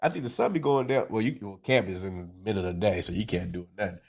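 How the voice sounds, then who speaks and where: A man's voice: lowish voice, quick pace. A man teaching a scripture class in a streetwise manner, often asking if the listeners understand. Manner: animated, streetwise, swearing, asks "you understand?".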